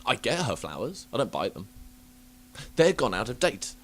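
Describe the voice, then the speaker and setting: A young man hosting a podcast, telling stories in a casual, animated way, swearing freely and laughing often. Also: mid-range voice, moderate pace. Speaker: podcast host. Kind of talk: casual chat.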